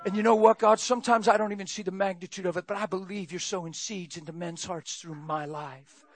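A male preacher giving an animated sermon, laughing often and breaking into shouts. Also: high voice, brisk.

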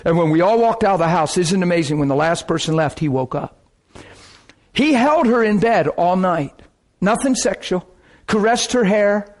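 High-voiced animated male pastor. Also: moderate pace. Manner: animated, swings up into high cries when excited; acts out quoted people in his stories. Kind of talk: sermon storytelling.

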